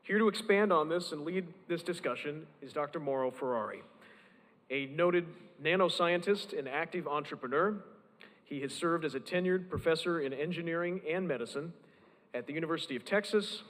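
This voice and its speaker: A man's voice: a little high, a bit bright. A man serving as event emcee, reading a formal scripted introduction of a panel moderator in an announcing manner. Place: large conference hall. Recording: long hall reverb with faint ambience.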